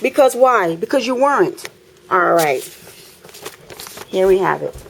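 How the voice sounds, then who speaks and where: A woman records a heated tenant's complaint on her phone inside her apartment. She speaks with indignant force, hammering points home by repeating them. Her voice sits at a middle pitch, with a faint hiss of background noise. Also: lively intonation, unhurried, creaky, poor audio. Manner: indignant, emphatic, repeats phrases for effect. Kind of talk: impassioned complaint vlog.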